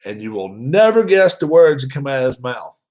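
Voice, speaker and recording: A man talks casually to his viewers at a middling pitch, rambling and restarting his sentences. The recording sounds dull and lo-fi. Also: very animated, fairly quick, a little mellow. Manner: rambling, with many fillers and restarts. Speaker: vlogger.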